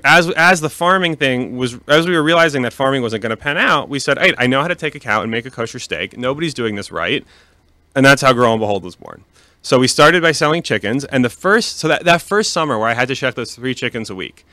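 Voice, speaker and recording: A man's voice: medium pitch, a little fast, pushed and bright, dry recording. A man talking casually in an interview about founding his meat business, with many restarts and fillers. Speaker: kosher meat company founder.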